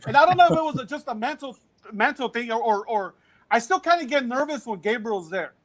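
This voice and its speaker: High-voiced, slangy comedian. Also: male voice, a little fast. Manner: profane, slangy, repeats words when excited. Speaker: comedian and actor. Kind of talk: casual podcast chat.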